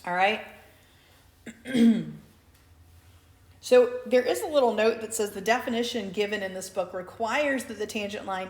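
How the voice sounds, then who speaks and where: A woman teacher giving a recorded calculus lecture in a classroom, chatty and prone to asking "right?" with dry sarcastic asides. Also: medium pitch. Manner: conversational, asks for agreement with "right?". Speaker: math teacher. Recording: echoey room.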